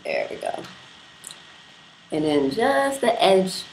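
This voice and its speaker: A woman's voice: lowish voice, wildly swooping pitch, takes it slowly. A woman from Brooklyn hosting a casual livestream, brash and profane, talking straight to her viewers. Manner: brash, profane, playful, addresses viewers directly. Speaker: livestream host. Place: apartment room in Brooklyn. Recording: echoey room with faint background noise.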